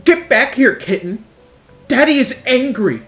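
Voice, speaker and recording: A man doing a shrill, whiny, angry boyfriend. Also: lively intonation, unhurried, faint music behind, heavily acted. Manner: shouty, petulant. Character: whiny grown man scolding his runaway girlfriend.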